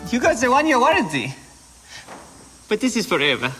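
A man's voice: extremely high pitch, huge pitch swings, normal speed, a bit bright, faint music behind, full character voice. An actor playing an earnest young man who is asking his girlfriend's father for her hand, in an advertisement. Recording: ad audio replayed in a reverberant hall with background noise.

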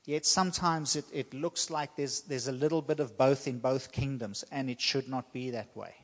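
A man preaching a sermon to his congregation, emphatic and repetitive, with slow dramatic pauses. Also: medium pitch, fairly even intonation, a bit bright. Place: church hall. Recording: long church hall reverb.

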